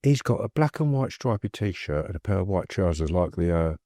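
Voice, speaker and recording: A middle-aged man with a low, warm, expressive voice tells stories at a moderate pace as a guest in a casual interview. He rambles and laughs through his anecdotes, and the studio-quality recording has no room sound.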